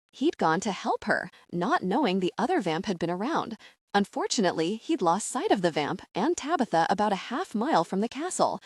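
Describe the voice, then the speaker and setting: Lively woman reading a story. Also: medium pitch, no echo, studio quality. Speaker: audiobook narrator. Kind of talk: scripted audiobook narration.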